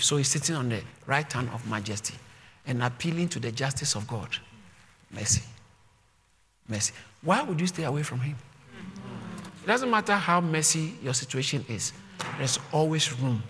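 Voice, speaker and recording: A male pastor preaching with passion, swinging from low murmurs to shouted refrains and repeating phrases for emphasis. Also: big-room sound, slight background noise. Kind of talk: sermon.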